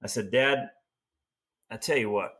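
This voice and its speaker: His voice sits fairly low and moves at a measured pace. A middle-aged team roper and trainer from Oregon, he spins casual, folksy tales with animation, acting out what people said.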